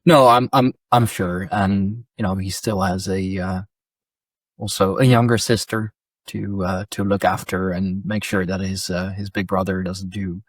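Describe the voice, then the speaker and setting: A man hosting a podcast, speaking in a hesitant, casual way with frequent pauses. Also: sits low, steady tone, dry recording, studio quality. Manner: hesitant, many fillers and restarts, soft-spoken replies. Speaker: podcast host. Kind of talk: casual interview chat.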